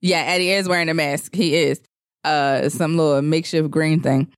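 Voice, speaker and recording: A podcast co-host casually recaps a film's plot, rambling along and acting out the characters' lines. His voice is a little high, steady in tone and smooth, at a moderate pace, with studio-quality sound and no room echo.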